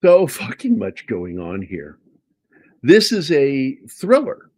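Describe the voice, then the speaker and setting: A middle-aged man talks through his own comic pages in a loose, casual chat. He rambles, restarts sentences, and drops in casual swearing. His pitch sits in an ordinary middle range for a man. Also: wildly swooping pitch, takes it slowly, darkish tone. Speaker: comic artist showing his work.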